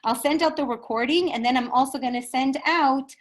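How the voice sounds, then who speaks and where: A woman teaching an online Torah class over a video call, telling stories in an animated, chatty way and asking rhetorical questions. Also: sits high, a little fast, poor audio.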